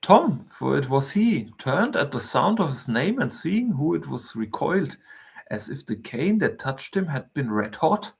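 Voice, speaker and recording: Gravelly man reading a novel aloud. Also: on the high side, big pitch swings, a little slow. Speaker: reader.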